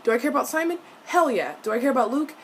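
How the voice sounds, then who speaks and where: Excited swearing young woman fangirling. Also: high-pitched, a little hiss or hum, poor audio. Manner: excited, profane fangirl ranting, quick asides and laughs. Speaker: TV episode reviewer. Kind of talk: casual fan reaction vlog.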